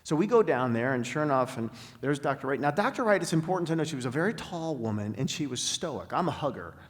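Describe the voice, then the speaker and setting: A middle-aged man giving an inspirational talk as a guest speaker, telling stories with dramatic pauses and slowing down for emphasis. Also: on the high side, expressive. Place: large spiritual center hall. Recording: long hall reverb.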